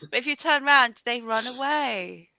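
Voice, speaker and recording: A woman's voice: on the high side, animated, measured pace, bright, forceful tone, rough recording. A woman in a casual group chat, talking in a matter-of-fact way and laughing often.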